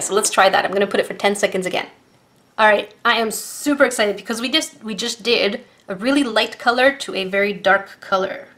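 Bubbly woman vlogger, higher voice, easily thrilled, talks straight to viewers. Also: slight background noise. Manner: gushing, excitable, addresses viewers as guys. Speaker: art supplies vlogger. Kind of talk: casual unboxing review.

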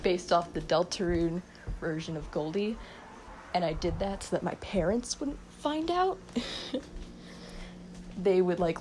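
Teen girl, slightly low voice, sleepy unscripted phone ramble, giggles a lot, faint background hiss. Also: darkish tone, poor audio. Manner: giggly, self-mocking, mumbling. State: sleep-deprived, up all night. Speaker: vlogger. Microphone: phone mic.

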